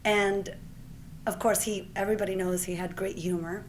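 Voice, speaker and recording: Woman from puerto rico in her 40s, doctor giving an award speech, animated storyteller, faint noise behind. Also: medium pitch, normal speed. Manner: lively storyteller who acts out the exchanges she retells.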